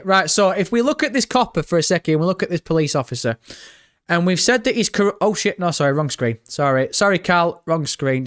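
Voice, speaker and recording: A young British man live-streaming, chatting excitedly with his viewers and swearing freely. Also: a little high. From Britain. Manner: excitable, swears often, chats directly to viewers. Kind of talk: casual live-stream chat.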